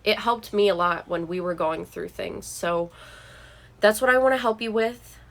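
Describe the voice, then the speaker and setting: A young woman vlogger with a mid-range voice talks casually to camera at a moderate pace, giving money advice. She sounds earnest and encouraging about money habits, saying "like" and "um" often.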